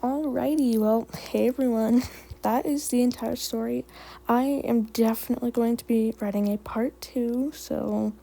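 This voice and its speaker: Woman narrating with a gravelly edge. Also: fairly high pitch, unhurried, low-quality recording. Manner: relaxed, giggly, self-deprecating. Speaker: fan fiction reader and channel host. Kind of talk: storytelling narration and casual sign-off.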